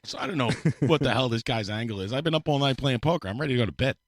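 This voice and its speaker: A man's voice: mid-range voice, racing, no room sound. A man telling a long story in casual, profane chat on a podcast, speaking close to the mic. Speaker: podcast co-host.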